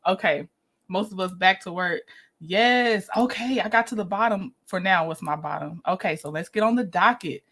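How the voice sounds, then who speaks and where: A woman's voice: medium pitch, moderate pace, fairly bright tone. A woman hosting a casual livestream, chatty and giggly, greeting viewers one by one. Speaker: livestream host.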